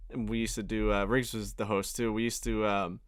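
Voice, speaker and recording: A man co-hosting a golf podcast, telling stories in a lively casual way with lots of swearing. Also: fairly low pitch, brisk, no echo, studio quality. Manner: animated storytelling, heavy swearing. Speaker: podcast co-host. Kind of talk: casual chat.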